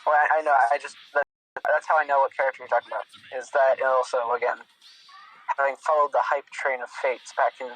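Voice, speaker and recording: A man's voice: mid-range voice, level tone, fast talker, fairly bright tone, low-quality recording. A young man chatting casually as a guest, thinking aloud and restarting his sentences often. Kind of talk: casual chat.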